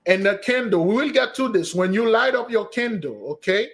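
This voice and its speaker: A man hosting a spiritual channel, telling rambling personal stories in a casual, animated way and answering viewer questions, often restarting sentences and jumping up in pitch to quote women. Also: normal speed, husky. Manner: jumps to a higher voice when quoting women. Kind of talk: casual storytelling and Q&A stream.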